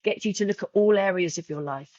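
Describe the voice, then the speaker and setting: Fast-talking and mid-range with a darkish tone, this journal creator is a guest on a podcast; the recording has no echo and its highs are cut off. Her casual, heartfelt talk keeps circling back as she restarts and repeats herself.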